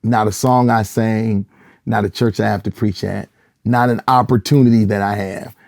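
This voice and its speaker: A middle-aged gospel singer and pastor from Michigan tells stories in a relaxed interview, with a gravelly edge to his voice. He gets animated and acts out the people he quotes. The recording is close and dry, with no room sound. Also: on the low side, normal speed, dry recording. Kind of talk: casual interview storytelling.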